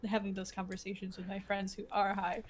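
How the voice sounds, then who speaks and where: A woman's voice: medium pitch, monotone, brisk, slight background noise. A woman co-hosting a podcast in casual chat, rambling with many fillers and restarts. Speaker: podcast co-host.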